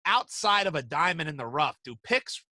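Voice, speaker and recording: A man co-hosting a sports betting podcast, chatting loudly and excitably and swearing. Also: a little high, normal speed, no echo. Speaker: podcast co-host. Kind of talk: casual sports podcast chat.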